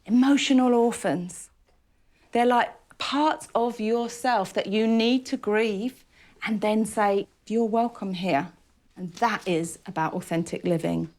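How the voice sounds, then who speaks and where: Slow, soothing woman addressing a group. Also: mid-range voice, darkish tone. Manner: measured and soothing. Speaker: workshop facilitator. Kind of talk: addressing a group healing session.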